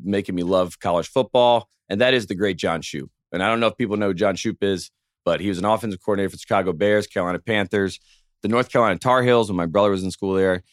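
A young man co-hosting a casual sports podcast, telling animated, rambling stories full of restarts. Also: low voice, fast, no echo, clean studio sound. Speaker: podcast co-host.

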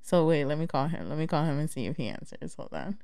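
A woman's voice: sits low, lively intonation, fast, vocal fry, background noise. A young woman from the Chicago area hosting her own podcast, chatting casually and candidly, swearing freely and laughing easily. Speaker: podcast host.

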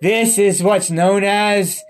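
A man voicing a smug, menacing male villain in a low, quiet tone. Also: slow pace, faint music behind.

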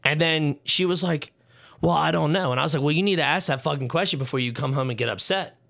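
Guy on a podcast ranting hard, swearing nonstop, bright sharp voice, all worked up. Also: on the high side, quick pace. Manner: heated, profane ranting storytelling. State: worked up and feeling hot. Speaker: podcast co-host. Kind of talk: casual podcast chat.

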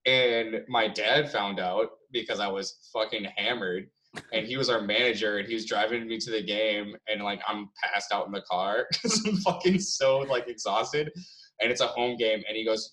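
A man's voice: lowish voice, normal speed, a bit bright, rough recording. A young man co-hosting a podcast, telling hockey stories in casual chat with lots of swearing and laughter. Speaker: podcast co-host.

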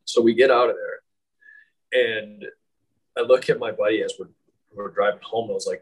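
A man's voice: medium pitch, moderate pace, long pauses, breathy edge, rough recording. A man telling a story in casual chat, rambling with many fillers and frequent laughs.

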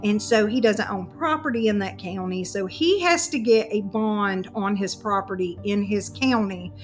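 A woman's voice: mid-range voice, moderate pace, soft background music. A woman telling a personal story in casual chat, acting out both sides of the dialogue.

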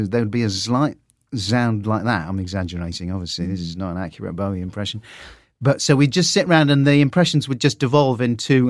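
A middle-aged man telling stories in an interview, animated and slipping into silly voices. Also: lowish voice, brisk, dry recording, studio quality. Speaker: podcaster guest. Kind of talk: conversational interview.

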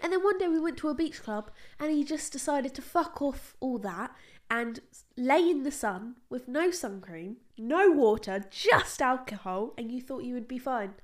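High-voiced woman teasing her co-host. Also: lively intonation, unhurried. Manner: teasing, chatty reactions. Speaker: podcast co-host. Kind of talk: casual chat.

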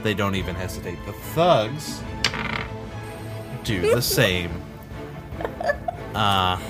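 A man's voice: deep voice, animated, slow. Laid-back male game master narrating a tabletop game over music.

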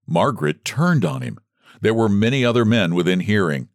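A man's voice: on the low side, normal speed, no room sound, clean studio sound. A man reading a story aloud as an audiobook narrator. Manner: expressive storytelling. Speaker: audiobook reader. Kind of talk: scripted narration.

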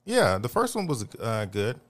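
A man co-hosting a podcast, easygoing and quick to laugh in casual chat. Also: medium pitch, wildly swooping pitch. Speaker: podcast co-host.

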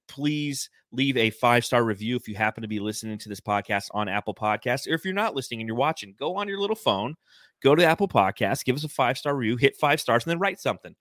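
A man co-hosting a casual sports podcast, animated and quick to swear, acting out little scenes as he talks. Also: mid-range voice, dry recording, studio quality. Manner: animated, swears freely, acts out quotes. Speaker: podcast co-host.

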